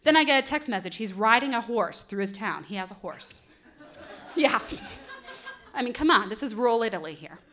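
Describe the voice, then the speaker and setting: A woman in her thirties from the northeastern United States tells a live story to a crowd, animated and quick to laugh at herself. Her voice sits a little high and rings sharp and bright. She talks into a stage mic. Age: 30s. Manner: animated, self-mocking, laughing often. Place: bar venue before an audience.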